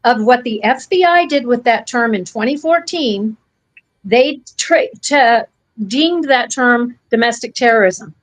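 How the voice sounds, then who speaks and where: High-voiced blunt American woman storyteller. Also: lively intonation, measured pace, poor audio. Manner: blunt, folksy, acts out quoted voices. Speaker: podcast co-host. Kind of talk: casual storytelling chat.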